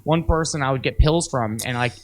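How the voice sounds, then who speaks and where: A man's voice: medium pitch, fairly quick. A young man co-hosting a casual podcast chat, talking candidly and swearing, often acting out what other people said. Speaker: podcast co-host.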